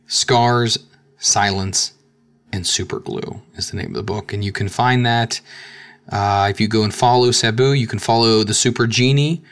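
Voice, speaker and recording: A man's voice: fairly low pitch, steady tone, normal speed, clean tone. A man hosting a podcast, asking his co-hosts questions and plugging a book. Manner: asks guests questions, plugs a book. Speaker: podcast host. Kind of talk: casual chat.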